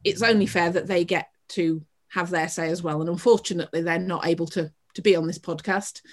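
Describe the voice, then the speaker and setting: A woman's voice: on the low side, fairly even intonation, fairly quick. A woman with a Northern English accent, a prison theatre practitioner speaking earnestly and passionately as a podcast guest, often restarting her sentences. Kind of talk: podcast interview answers.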